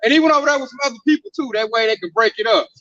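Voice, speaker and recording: A man with a very high voice speaks from some distance off the microphone. He tells stories in an emphatic, slangy way at a scripture discussion. The sound is dry and dull. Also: rapid-fire, bright, forceful tone. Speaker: camp speaker.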